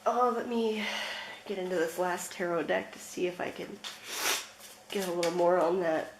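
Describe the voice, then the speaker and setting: A tarot reader with a lowish female voice gives a pick-a-card reading against a noisy background. She speaks slowly, reflectively and with emotion, laughing now and then.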